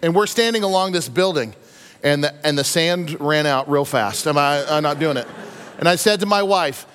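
A married man preaching a sermon, telling stories and acting out the quotes in an animated way. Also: on the high side, normal speed, clean tone. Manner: animated storytelling, acts out quotes. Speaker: pastor. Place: church sanctuary. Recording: long reverb of a church hall.

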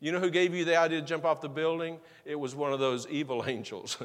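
A male preacher delivers a sermon, mixing scripture reading with casual, folksy retellings. His voice sits a bit high for a man. The sound carries the long reverb of a church sanctuary. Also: steady tone, quick pace.

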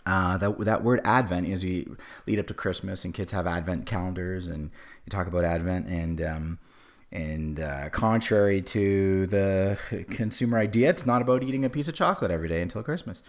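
A man's voice: sits low, moderate pace. A man in his forties with a cold, giving a casual sermon as a pastor, with many fillers and restarts. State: has a cold.

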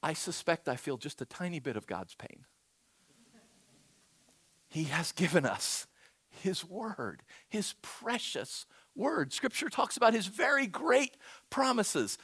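A man preaching a sermon, telling stories with animated, shouted emphasis. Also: sits high, slow, slightly rough. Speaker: pastor.

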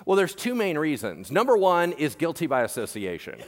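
A male pastor preaching a sermon in a lively, conversational and joking manner. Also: fairly high pitch, normal speed. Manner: animated, jokey, conversational preaching. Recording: long hall reverb.

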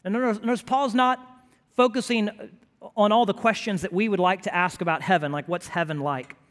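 High-voiced preacher in an echoing church. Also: male voice, steady tone, brisk. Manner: emphatic, builds to loud pleading bursts. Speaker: pastor. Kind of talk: sermon.

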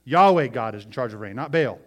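With a medium-pitched voice and a fairly quick delivery, this pastor brings a scripture story to life for his congregation. He tells it with animation, acting out the quoted voices of the characters.

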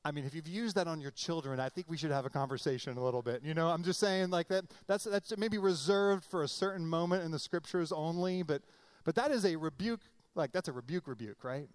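A middle-aged man preaches a sermon in an easy, conversational way. He breaks into playful voices for quoted lines, and his voice sits somewhat high for a man. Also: brisk, few pauses. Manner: conversational, animated, acts out quotes with comic voices. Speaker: pastor.

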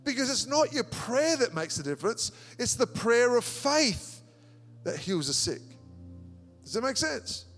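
A man from Australia preaching a sermon as pastor, animated, repeating words and acting out little dialogues. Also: very high-pitched, unhurried. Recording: long hall reverb with music behind.

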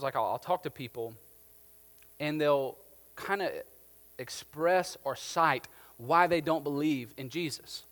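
A man's voice: on the high side, long reverb tail. A man preaching a sermon as pastor, talking casually and telling stories with a lot of "like". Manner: conversational, animated storytelling with filler "like".

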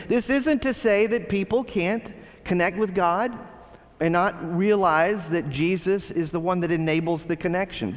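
Earnest pastor preaching in a reverberant hall. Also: male voice, sits high. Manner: earnest, rhetorical questions to the congregation. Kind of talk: sermon.

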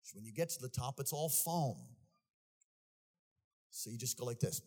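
A man preaching a sermon, telling a story with animation and building to shouted peaks. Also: medium pitch, expressive, moderate pace, husky.

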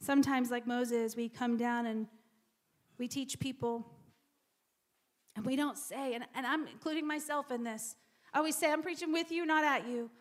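A woman's voice: high voice, moderate pace, long pauses. A woman preacher giving a sermon in a church, repeating words and dropping to whispers for emphasis.

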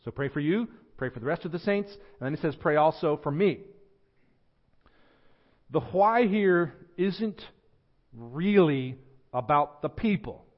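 Male pastor, emphatic sermon delivery, slightly high-pitched, muffled church audio. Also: lively intonation. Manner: emphatic, slows and lifts voice on scripture quotes, drops quiet at phrase ends. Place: church sanctuary.

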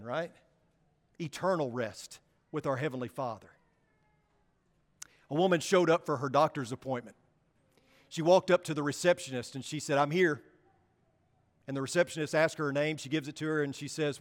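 A man preaching a sermon in a church, earnest, slowing down for emphasis and dropping quiet on key words. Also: fairly high pitch. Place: church sanctuary. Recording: long hall reverb.

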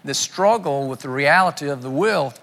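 A man's voice: fairly high pitch, animated, moderate pace, vocal fry, fairly bright tone. Earnest man preaching in a reverberant hall. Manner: earnest, repeats words while searching for phrasing. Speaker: guest preacher. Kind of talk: sermon.

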